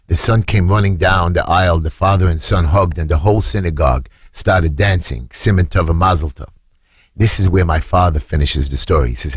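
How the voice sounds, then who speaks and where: A middle-aged New man with a low, husky voice tells a family story with dramatic swings. His voice leaps high when he acts out the shouts in the story. The sound is dry and close, with no room echo. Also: a little fast. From Brooklyn, New York. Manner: dramatic retelling, voice leaping high when acting out screams. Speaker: council candidate. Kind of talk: emotional storytelling on radio.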